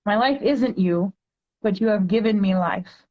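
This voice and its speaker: A woman's voice: medium pitch, dull audio. Earnest woman reading her own poetry. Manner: earnest, reads poetry slowly and deliberately. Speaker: podcast guest, poet. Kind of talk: conversational talk and reading her own poems aloud.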